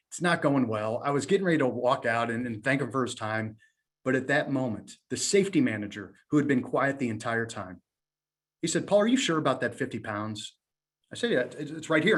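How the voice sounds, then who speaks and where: A middle-aged man giving a sales presentation, telling a story with lively quoted dialogue. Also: fairly high pitch. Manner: animated storytelling, quotes others in his own voice. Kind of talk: conference talk with acted dialogue.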